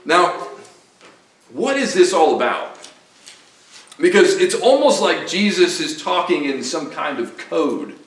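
Southern preacher guy, slow and deliberate, kinda high voice, echoey sanctuary heard from a bit back. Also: expressive, a bit bright. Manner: earnest, emphatic preaching with repeated phrases. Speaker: pastor. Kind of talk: sermon. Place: church sanctuary. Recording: echoey church sanctuary, voice from a distance.

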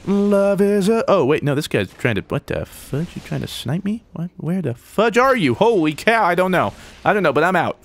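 A man with a slightly high, very animated voice gives gameplay commentary. He is excitable and jokey, and he breaks into sudden mild exclamations as the action unfolds. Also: moderate pace. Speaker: gaming YouTuber.

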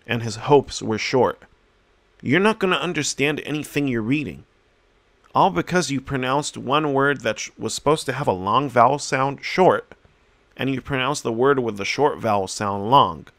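A man's voice: medium pitch, a bit bright, no echo. Man teaching a reading lesson, dry sound. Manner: explains step by step, slows to sound out example words.

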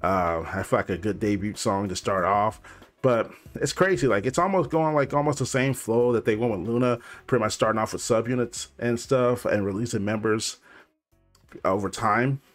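A man's voice: on the low side, normal speed. A young man hosting a music video reaction, talking loosely and rambling with lots of filler words. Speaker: reaction channel host.

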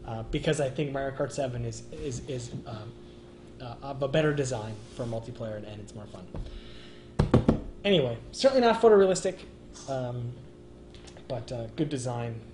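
A man's voice: mid-range voice, lively intonation, normal speed, pauses often, reverberant, background noise. A man hosting a casual gaming chat stream, talking emphatically and peppering his speech with "man" and "dude". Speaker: show host.

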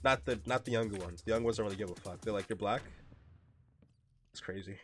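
A man's voice: lowish voice, very fast, fairly bright tone, soft background music. A young man streaming a game, chatting casually in a joking, profane way with frequent laughs. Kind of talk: casual gameplay chat.

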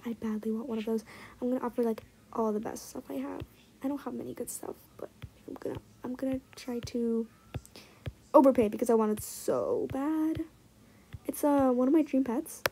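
A young woman giving casual, excitable commentary while trading in a game, often dropping into muttered asides. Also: high voice, a little hiss or hum, low-quality recording. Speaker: gaming vlogger.

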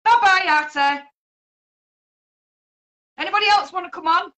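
A woman's voice: very high-pitched, measured pace. A woman hosting a live stream, arguing with a guest in a confrontational, sweary way. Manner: confrontational, swearing, shouting insults. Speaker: livestream host. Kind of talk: heated live-stream argument.

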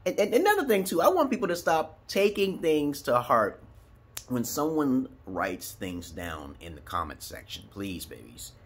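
Casting: husky-voiced man from Brooklyn, lively swooping delivery, loose and profane, rambling vlog rant. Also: medium pitch, moderate pace. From Brooklyn, New York, USA. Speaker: vlogger. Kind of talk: casual rambling monologue.

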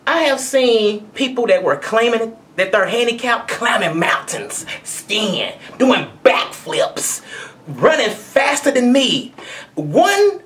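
A woman rants straight to camera in a blunt, conversational way, her fairly high voice swinging widely up and down as she makes her points. Her delivery is animated and opinionated. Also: takes it slowly. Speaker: video blogger. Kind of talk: commentary rant to camera.

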